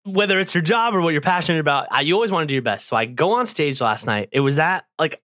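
A man who does stand-up, telling a story in casual chat with friends, animated and swearing freely, often laughing. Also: on the high side, quick pace, no echo, studio quality. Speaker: stand-up comedian and podcast cast member.

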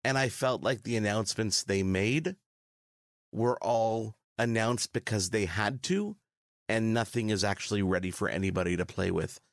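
A man from Canada with a low voice, guesting on a tech podcast and laying out his views in a measured, explanatory way. The sound is dry and close. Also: no room sound. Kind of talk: casual interview chat.

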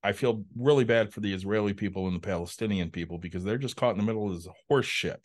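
A man's voice: on the low side, fast talker. A man co-hosting a podcast in casual chat, telling blunt stories and swearing freely. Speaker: podcast co-host.

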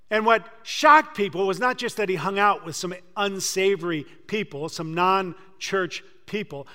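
A man preaching a sermon, retelling a scripture story with lively acted-out dialogue. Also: high voice. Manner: animated storytelling, acting out quoted voices. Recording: long hall reverb.

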